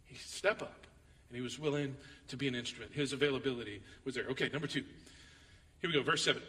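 A man preaching a sermon as pastor, reading scripture dramatically and telling stories with animated, acted-out quotes. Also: mid-range voice, fast, in a large hall, distant mic.

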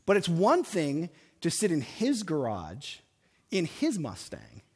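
A man preaching a sermon in a church, building lines up with dramatic pauses and punching single words. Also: a little high, huge pitch swings, slightly rough. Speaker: pastor. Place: large church hall. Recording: reverberant sanctuary sound.

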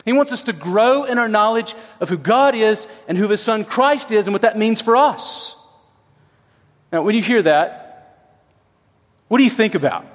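A man preaching a sermon in a conversational way, often checking in with his listeners through quick tag questions. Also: high-pitched. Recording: long reverb of a large hall.

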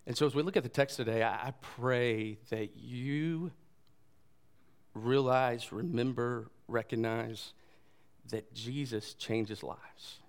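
Pastor guy telling a story in his sermon, easy chatty delivery, gets animated. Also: medium pitch, slow.

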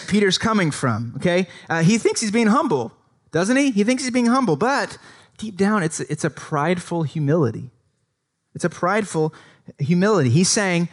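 A man preaching a sermon in a conversational way, often checking in with his listeners and acting out quoted speech with a livelier voice. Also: on the high side. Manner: conversational, often adds "right?" to invite agreement. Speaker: pastor.

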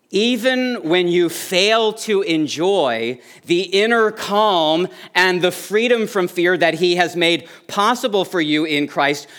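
Earnest high-voiced male preacher. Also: a bit bright. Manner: earnest, rising emphasis on key phrases. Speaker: pastor. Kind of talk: sermon.

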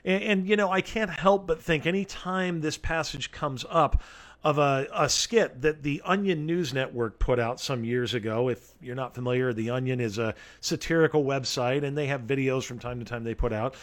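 A man preaching a sermon in an earnest way, slowing down to stress the scripture he reads aloud. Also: mid-range voice. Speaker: pastor.

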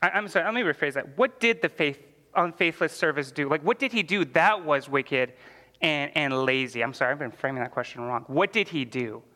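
A man with a slightly high, bright voice leads a church Bible class in a casual, questioning way, leaning on "like" as a filler. His voice rings out with a long reverb in a hall. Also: animated, a little fast. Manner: conversational, frequent "like" fillers, asks the class questions.

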